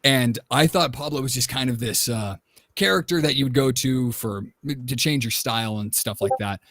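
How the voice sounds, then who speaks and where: A man's voice: mid-range voice, moderate pace, dry recording. A man on a fan panel tells a long, easygoing story about his work. His voice is mid-range, and the sound is close and dry, with no room around it. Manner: relaxed, storytelling, enthusiastic. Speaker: voice actor on a panel. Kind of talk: casual panel talk.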